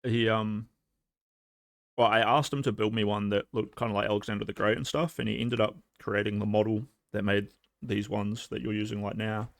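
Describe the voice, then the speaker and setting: A man's voice: fairly low pitch, fairly even intonation, normal speed, creaky, dry recording, clean studio sound. A young man hosting a casual livestream, rambling with lots of fillers and laughing between thoughts. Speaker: livestream host.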